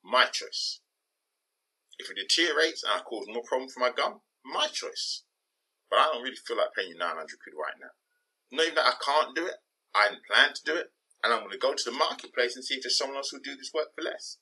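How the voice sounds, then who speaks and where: A man's voice: mid-range voice, sharp tone, breathy edge, rough recording. A man, middle-aged, talking bluntly in a casual podcast monologue and swearing for emphasis. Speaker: podcast host.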